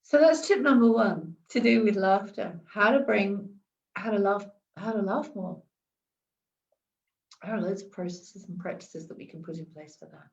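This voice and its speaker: A woman's voice: mid-range voice, moderate pace, creaky, distant mic, dull audio. A woman giving chatty advice in a live stream, often repeating and restarting words. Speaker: wellness coach.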